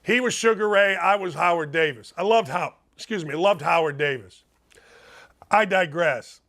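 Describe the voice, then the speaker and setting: An older man from Indiana hosting a sports talk show, his voice high and bright. He talks in an emphatic, folksy way and keeps wandering off on tangents. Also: normal speed. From Gary, Indiana.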